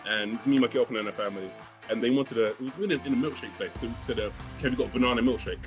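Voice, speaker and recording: A man co-hosting a podcast, telling an animated story. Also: mid-range voice, racing, faint music behind. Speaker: podcast co-host. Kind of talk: casual chat.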